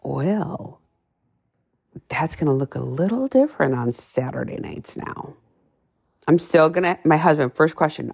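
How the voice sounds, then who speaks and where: A woman's voice: low-pitched, measured pace, gravelly, pauses often, slightly rough. A woman nutrition coach talking casually and bluntly, cursing freely and acting out little scenes. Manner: brash, profane, animated storytelling with playful voices. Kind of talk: casual podcast monologue.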